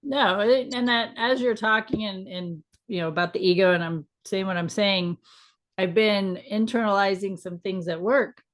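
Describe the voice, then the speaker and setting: A woman's voice: mid-range voice, steady tone, moderate pace. A middle-aged woman co-hosting a casual spiritual chat, talking in a frank, reflective way with some mild swearing. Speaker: podcast co-host.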